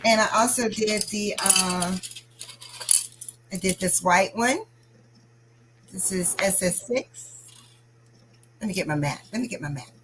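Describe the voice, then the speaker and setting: A woman's voice: medium pitch, unhurried, pauses often, background noise. A woman chatting casually while crafting on a livestream, greeting viewers by name as she works.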